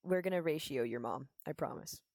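Low-voiced young woman, casual and profane. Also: brisk, gravelly, a little mellow, no room sound. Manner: loose, profane, jokey. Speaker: podcast co-host. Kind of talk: casual chat. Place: studio.

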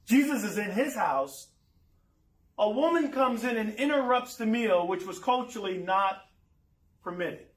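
A man with a fairly high voice preaches with energy, firing rhetorical questions at his listeners and chuckling now and then. His voice rings through a roomy church hall. He stands some way back from the mic. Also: lively intonation, a little slow. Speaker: pastor. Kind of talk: sermon. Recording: roomy echo, mic far off.

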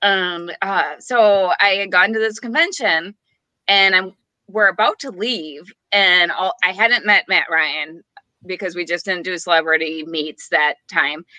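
A woman co-hosting a podcast, telling a story in a casual, animated way with frequent giggles. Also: fairly low pitch, measured pace, dry recording. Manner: animated, giggly, rising to squeals on punchlines. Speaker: podcast co-host.

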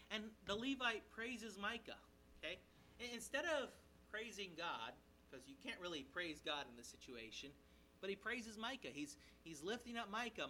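A male pastor preaching an expository sermon in a conversational, animated way, checking in with his listeners and briefly acting out the characters' lines. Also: high voice, slight background noise, rough recording. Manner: animated, voices the characters' lines in quick asides. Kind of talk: sermon, expository Bible teaching.

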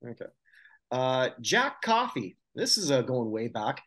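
A man co-hosting a casual podcast chat, reading out lists of names with quick asides. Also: mid-range voice, big pitch swings, a bit bright. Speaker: podcast co-host.

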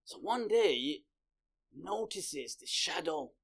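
A man's voice: on the high side, animated, takes it slowly, vocal fry, husky. A male religious lecturer speaking conversationally, telling a story as part of a lecture.

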